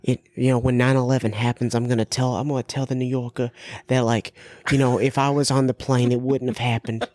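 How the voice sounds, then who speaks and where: A man's voice: mid-range voice, level tone, a little fast, a little mellow, dry recording, close to an everyday voice. A man doing a cocky bragging movie star. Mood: boastful.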